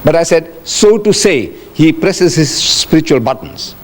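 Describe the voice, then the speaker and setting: A man giving a religious lecture to an audience, telling a story in a lively way, acting out quotes and asking rhetorical questions. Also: a little slow. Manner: animated storytelling, acting out quotes with sharp pitch jumps.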